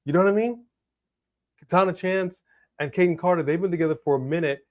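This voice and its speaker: A man co-hosting a wrestling watch-along in casual live commentary, excitable and breaking into loud exclamations. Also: high voice, fairly quick.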